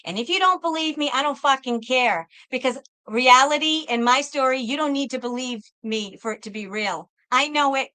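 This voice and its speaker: High, bright-voiced blunt woman host. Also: normal speed, few pauses. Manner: blunt and emphatic, swears freely; addresses viewers as folks. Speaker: livestream host. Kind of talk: casual livestream monologue.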